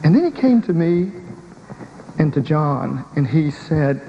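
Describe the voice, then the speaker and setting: Brief: high-voiced male preacher, emotional storyteller, echoing hall. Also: big pitch swings, measured pace, creaky. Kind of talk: first-person dramatic sermon monologue. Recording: dull recording in a reverberant hall with faint hiss.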